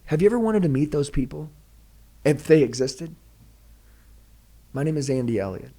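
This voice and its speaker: A man giving an intense motivational pitch as a podcast guest, direct and preachy, firing off rhetorical questions. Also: animated, normal speed, dark tone. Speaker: sales trainer, podcast guest.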